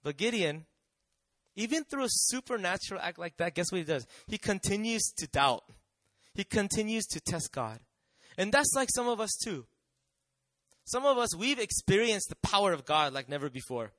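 Bright high-voiced man preaching. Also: very animated, moderate pace, no room sound. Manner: conversational, asks the audience questions, acts out quotes. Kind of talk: sermon.

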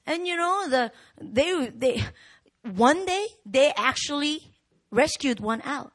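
A woman pastor preaching a sermon, animated and rising to shouts in the swells of her message. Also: sits high, slow. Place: church hall.

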